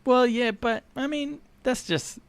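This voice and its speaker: A man's voice: extremely high pitch, unhurried, no room sound. An Australian man co-hosting a podcast, reading posts aloud and chatting in an easygoing way, laughing often. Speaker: podcast co-host.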